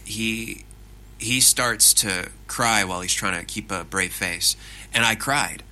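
Bright-voiced male voice actor. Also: on the low side, slow, low-quality recording. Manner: chatty, self-deprecating, animated storyteller. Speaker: interview guest. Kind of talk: casual interview talk.

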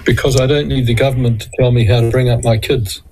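A man's voice: mid-range voice, fairly even intonation, fast talker, warm tone, slight background noise, poor audio. An older man, a former judge, answering as a radio interview guest in a curt, firm way.

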